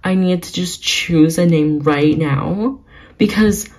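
A young woman vlogging as she plays a video game, giggly and gushing, often breaking into excited exclamations. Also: low voice, slow, low-quality recording. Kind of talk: excited gaming vlog commentary.

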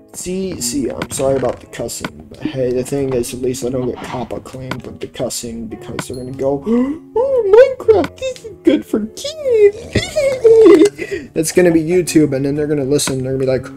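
A let's play gamer with a medium-pitched voice offers casual gameplay commentary at normal speed, rambling and swearing whenever something irritates him. He's recorded on a cheap home microphone, so quality is low, and background music plays.

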